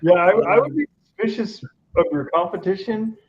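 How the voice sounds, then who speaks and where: A man's voice: high-pitched, a little fast, breathy edge, lo-fi sound. A man on a call in a casual chat, telling stories and acting out what others said. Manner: animated storyteller who acts out quotes.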